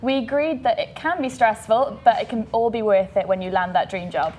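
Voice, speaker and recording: A woman's voice: a little high, fairly quick, darkish tone, a little hiss or hum. Upbeat young woman presenter. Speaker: student show presenter. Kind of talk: scripted presenting and casual chat.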